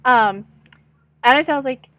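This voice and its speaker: A woman with a high voice tells a personal story straight to her viewers, chatty and candid, poking fun at herself. She speaks as an intuitive channel and life coach, recorded dry and close with no room sound. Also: takes it slowly, fairly bright tone, dry recording. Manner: chatty, candid, self-deprecating, often calls viewers "guys". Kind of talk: storytelling vlog addressed to viewers.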